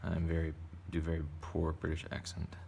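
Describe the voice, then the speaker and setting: Here an art teacher with a bass voice, vocal fry and a darkish tone speaks in a monotone at a moderate pace, with a little hiss or hum in the audio. He casually walks kids through a drawing, staying playful and chatty as he narrates every step.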